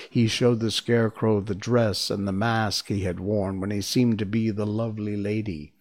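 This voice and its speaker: A man narrating a storybook in a calm, measured way. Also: on the low side.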